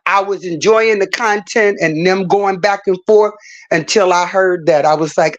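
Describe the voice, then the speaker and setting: A woman's voice: mid-range voice, normal speed, lo-fi sound. A middle-aged woman livestreaming, telling stories in a blunt, profane, casual rant.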